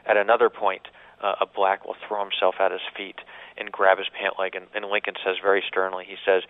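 A man's voice: low-pitched, level tone, brisk. A man, an author guest on a radio call-in show, telling history as a vivid, dramatic story and repeating words as he starts. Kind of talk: phone interview, vivid storytelling. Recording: tinny phone line.

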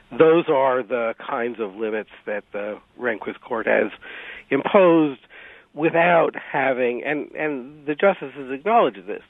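A man being interviewed on radio as a legal scholar, speaking haltingly with many fillers and restarts. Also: mid-range voice, no echo. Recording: dry, phone-like radio line.

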